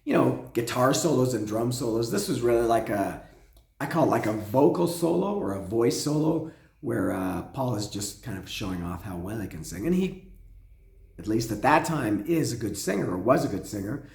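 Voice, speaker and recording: With a darkish tone and animated delivery, the host reviews an album casually at a moderate pace, his mid-range voice hoarse and breaking. He wanders off track, starts over, and hums with the music, the room echoing around him.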